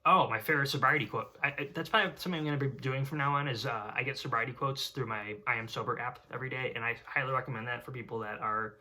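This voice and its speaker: A man's voice: medium pitch, rapid-fire, few pauses, pushed and bright. A young man talking casually to camera in a rambling way, full of fillers and restarts. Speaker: vlogger.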